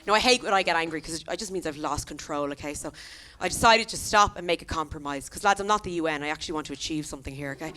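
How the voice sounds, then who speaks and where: A woman's voice: low-pitched, rapid-fire, hardly any pauses. An Irish woman in her thirties performing a stand-up comedy set, telling stories and acting out the voices of the people in them. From Ireland. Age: 30s. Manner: animated storytelling, acts out quoted voices. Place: comedy venue stage.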